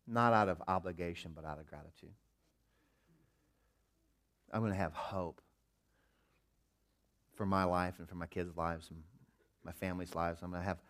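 Animated man preaching a sermon. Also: deep voice. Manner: animated storytelling with acted-out quotes. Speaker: pastor.

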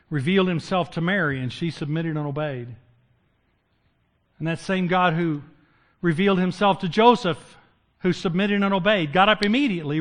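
Older man, high-ish voice, pastor preaching; folksy and joking, builds to loud emphasis, drops quiet for weight. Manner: conversational, jokes with the congregation; swings from loud emphatic to low hushed. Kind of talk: sermon.

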